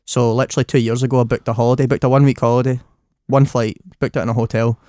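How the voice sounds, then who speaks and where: Scottish male, 20s, podcast guest; brisk, sweary storyteller, dry sound. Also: mid-range voice, flat delivery, mellow, dry recording. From Scotland. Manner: swearing, storytelling, lots of "aye". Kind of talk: casual chat.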